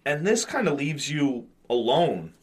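A man's voice: a little high, very animated, unhurried, darkish tone. A man in his thirties co-hosting a podcast, chatting casually about a movie with swearing, fillers and restarts. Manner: profane, rambling, frequent fillers and restarts. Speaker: podcast co-host. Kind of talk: casual movie commentary chat.

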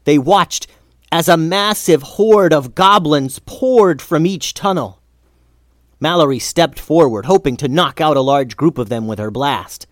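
A man narrating a children's adventure story in an expressive reading voice. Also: medium pitch, no echo, clean studio sound.

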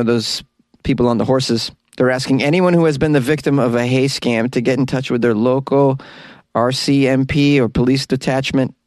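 A man's voice: medium pitch, dry recording, studio quality. A man hosting a comedic weird-news podcast, sarcastic and laughing often at his own jokes. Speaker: podcast host.

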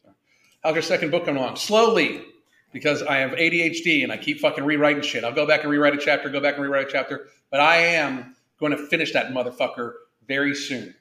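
A man's voice: a little high, fairly even intonation, quick pace, bright, forceful tone, roomy sound. A man hosting a casual podcast, blunt and profane, rambling with frequent restarts. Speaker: podcast host.

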